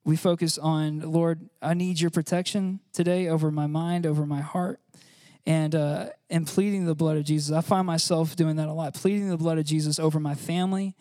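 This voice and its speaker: High-voiced man giving a chatty sermon. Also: fairly even intonation, normal speed, mellow, no echo, clean studio sound. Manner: chatty, laughs often, many fillers. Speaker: church speaker. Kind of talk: informal sermon.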